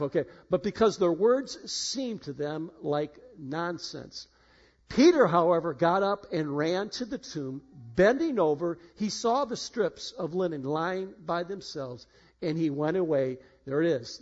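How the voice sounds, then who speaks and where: High-voiced pastor preaching, halting and emphatic. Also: male voice. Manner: halting, repeats words, rises to emphatic peaks. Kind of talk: sermon. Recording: muffled lo-fi sound.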